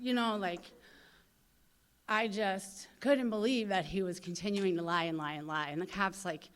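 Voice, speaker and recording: A woman from St. Louis speaking at a recovery convention. She talks casually, fills her speech with "you know," and acts out other people's lines in lively voices. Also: mid-range voice, normal speed, clean tone. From St. Louis, USA. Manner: casual storytelling, heavy on "you know" fillers. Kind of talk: personal recovery talk. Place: convention hall.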